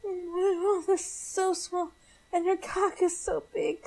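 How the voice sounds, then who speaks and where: High soft elf girl played by a woman, needy and breathy, slow and drawn out. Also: steady tone, heavily acted, rough recording. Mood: eager.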